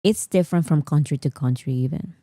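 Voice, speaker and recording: A woman's voice: sits low, brisk, dark tone, no echo, clean studio sound. A woman from Peru, chatting casually on a livestream and laughing often. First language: Spanish. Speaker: livestream host.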